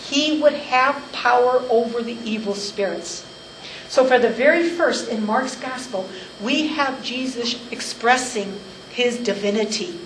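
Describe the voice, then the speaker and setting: A woman leads a verse-by-verse Bible teaching, leaning on key phrases and stretching them out for emphasis. Her voice sits somewhat high, and she sounds a little off-mic in an echoey room with a faint hum of ambience behind her. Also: recorded from a distance.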